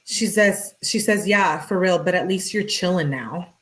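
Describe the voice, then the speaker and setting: Her voice is on the low side and her pace measured as she, a true crime commentator, reads out text messages. Between them she adds casual, exasperated remarks while handling chat questions, all on a low-quality recording.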